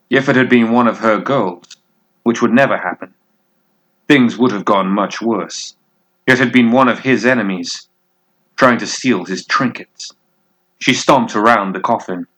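A man narrating a dark fantasy story in a measured, deliberate way. His voice sits low, yet the tone is bright and forceful. He lingers on key phrases. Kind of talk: scripted fiction narration.

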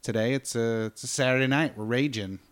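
A young man co-hosting a podcast, chatting casually with quick, joking banter. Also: medium pitch, fairly even intonation. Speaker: podcast co-host. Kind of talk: casual chat.

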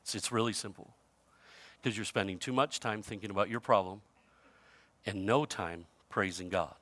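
A man preaching a sermon as a pastor, telling a comic story with animated swings between loud and hushed delivery. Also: on the low side, normal speed, no echo.

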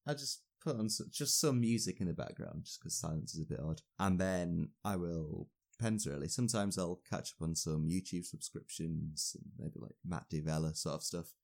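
A man's voice: low voice, animated, normal speed, creaky, hardly any pauses, darkish tone. A young man, a university student, chatting casually and rambling a little with fillers. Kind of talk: casual podcast chat.

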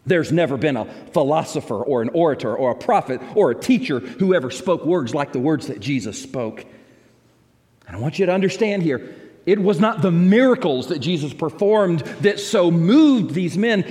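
A man preaching a sermon as pastor, dramatic, moving between loud emphatic lines and hushed ones. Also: on the high side, big-room sound.

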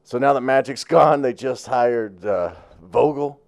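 A man's voice: medium pitch, a little slow. A man co-hosting a sports chat show, talking in a rambling, profane way with lots of fillers and restarts.

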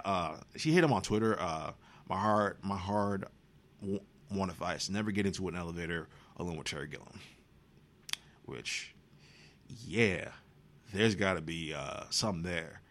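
A man's voice: low-pitched, fairly bright tone. A man hosting a podcast, giving profane, sarcastic commentary on movie news. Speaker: podcast host.

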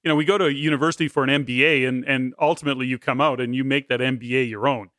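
A man's voice: medium pitch, steady tone, racing, a bit bright, no echo, studio quality. A man hosting a podcast interview, talking in long, rambling turns with many restarts. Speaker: podcast host.

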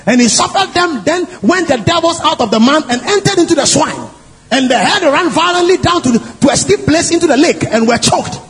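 A man preaching a sermon in an emphatic, animated way, often asking the congregation questions. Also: extremely high pitch, a little fast. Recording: long hall reverb, faint music.

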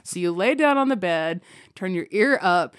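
A woman's voice: lowish voice, lively intonation, normal speed, clean tone, no room sound, studio quality. A woman casually retelling a story with her partner, laughing often.

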